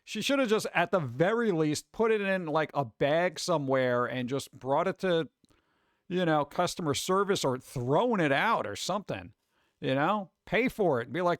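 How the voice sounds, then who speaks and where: A man's voice: fairly high pitch, expressive, normal speed, no echo, studio quality. A man hosting a livestream, rambling through casual chat and acting out other people's voices. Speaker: livestream host.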